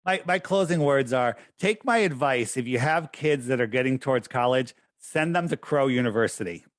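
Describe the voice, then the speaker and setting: A man's voice: medium pitch, lively intonation, moderate pace, no echo. A man talking as a guest on a podcast, rambling and losing his train of thought, then pressing his points in an emphatic, preachy way. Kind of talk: casual interview talk.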